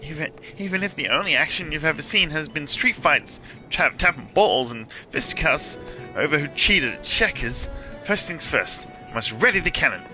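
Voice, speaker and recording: A man voicing a jittery young pirate gunner, pitched very high and shouting to himself. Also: expressive, normal speed, faint music behind, rough recording. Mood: panicked.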